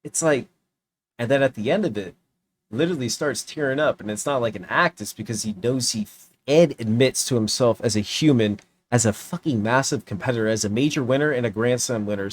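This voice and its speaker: Fired-up man ranting. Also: on the low side. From United States. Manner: heated, profane, emphatic. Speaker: streamer. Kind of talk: ranting reaction commentary.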